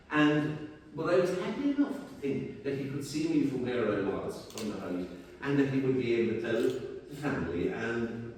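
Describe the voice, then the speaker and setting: A man with an Irish accent telling a story on stage in a live one-man show, swinging between loud and hushed and often repeating himself. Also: mid-range voice. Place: stage in a hall. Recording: echoey hall, mic far off.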